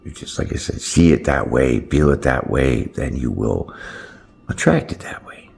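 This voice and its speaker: A man with a low, deep voice gives a casual motivational chat straight to his viewers. His talk is loose and slangy with the odd cheerful curse word. He keeps tossing in "right?" and calls his audience "my friends.". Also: normal speed, creaky, darkish tone, slight background noise. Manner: loose, slangy and upbeat, with playful swearing. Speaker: tarot channel host.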